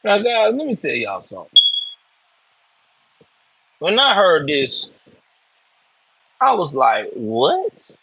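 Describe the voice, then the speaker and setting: A man's voice: high voice, huge pitch swings, slow pace, pauses often, sharp tone, slightly rough, poor audio. A man hosting live political commentary, ranting in a blunt, profane, emphatic way.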